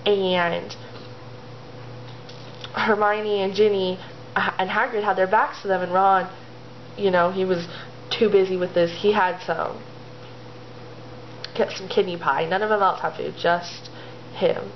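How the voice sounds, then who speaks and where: A chatty woman rambles through a story in a loose, easygoing way, filling her sentences with little fillers. Her pitch sits in a middle range. The audio is a bit dull and lo-fi, with a faint hiss underneath. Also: steady tone, a little slow, pauses often. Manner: chatty, rambling, full of "like" and "you know". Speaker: vlogger. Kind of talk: casual storytelling, retelling fan fiction. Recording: slightly dull lo-fi home video audio.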